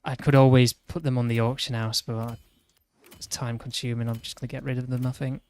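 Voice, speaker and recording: Teasing Yorkshire lad streaming a game. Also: male voice, medium pitch, little pitch movement, a little fast, darkish tone, smooth. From northern England. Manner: teasing, blunt banter with many restarts. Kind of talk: casual chat while gaming.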